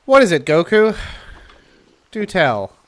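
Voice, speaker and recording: A man streams a game and chats casually with his viewers in a wry, mock-formal style, often muttering to himself as he talks to chat. His voice is high-pitched and swoops wildly in pitch, at a slow pace.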